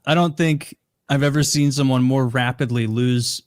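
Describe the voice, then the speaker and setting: A man co-hosts a podcast, chatting casually in a rambling, mocking way and mimicking others in quotes. His mid-range voice has fairly even intonation and a moderate pace, with clean, studio-quality sound and no room echo.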